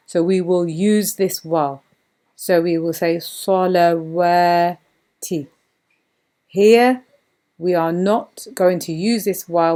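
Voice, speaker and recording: Lady teaching quran reading, patient, slightly low voice, lots of um's. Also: a little mellow. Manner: patient, repeats words slowly, with fillers. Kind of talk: step-by-step teaching.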